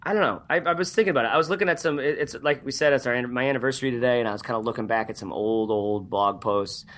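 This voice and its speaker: A man's voice: medium pitch, fast, fairly bright tone. A man who is a guest on a podcast, talking in a playful, teasing, joking way. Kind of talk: casual podcast chat.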